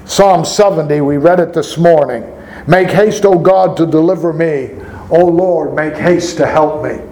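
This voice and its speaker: High-voiced preaching man. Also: measured pace, warm tone, poor audio. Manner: preaching with rhetorical questions and scripture reading. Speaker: pastor. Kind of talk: sermon.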